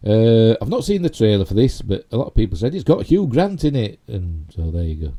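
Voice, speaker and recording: Very animated and brisk, a warm, lowish-voiced middle-aged man with a Yorkshire accent hosts a casual YouTube live stream. He's from Yorkshire, England, and rambles chattily with self-mocking asides.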